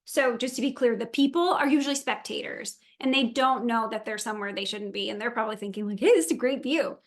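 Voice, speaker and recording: A woman's voice: fairly high pitch, steady tone, quick pace. A woman briefing a virtual meeting for event volunteers and drivers, upbeat, chatty and practical. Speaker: event organizer.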